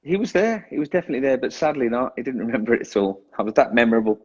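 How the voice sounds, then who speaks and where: A man's voice: medium pitch, lively intonation, rapid-fire, breathy edge, highs cut off. A drummer being interviewed, a man talking in a casual, self-deprecating way who laughs often and restarts his sentences. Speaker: guest drummer.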